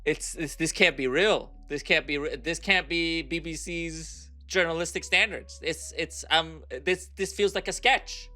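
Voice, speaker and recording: A man's voice: fairly high pitch, a little slow, hardly any pauses, bright, forceful tone. A young man reacting to a video, ranting incredulously, swearing and repeating himself. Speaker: reaction streamer. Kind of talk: profane ranting reaction commentary.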